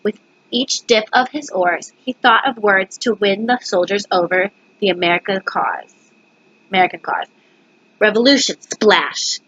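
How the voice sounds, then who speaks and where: A woman's voice: medium pitch, unhurried, fairly bright tone, slightly rough, no room sound. Woman, storybook reading, stumbles and self-corrects, webcam, dry, muffled. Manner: stumbles over words and corrects herself. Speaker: reader. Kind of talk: reading a picture book aloud.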